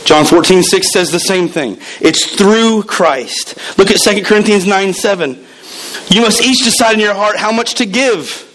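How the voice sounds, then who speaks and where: High-voiced animated male preacher. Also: moderate pace, rough recording. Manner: animated storytelling with repeated words. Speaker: pastor. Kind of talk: sermon.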